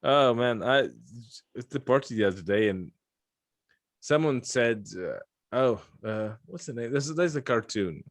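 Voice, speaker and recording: Male podcast host from Lithuania, low voice, dry close sound, loose joking chat full of restarts. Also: no room sound. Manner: rambling, joking, frequent restarts. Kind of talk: casual chat.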